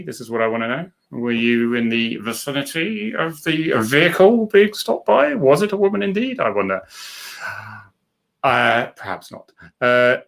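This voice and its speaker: A man's voice: fairly low pitch, fairly bright tone. Chatty middle-aged man hosting a live stream. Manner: chatty, jokey, anecdotal, reads viewer comments aloud. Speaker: livestream host, former police officer. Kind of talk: casual live stream chat.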